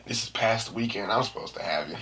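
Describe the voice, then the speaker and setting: On his own podcast, a man with a lowish voice tells a story at a quick clip. He's animated and slangy, performing the quotes and screaming at times, over a noisy background.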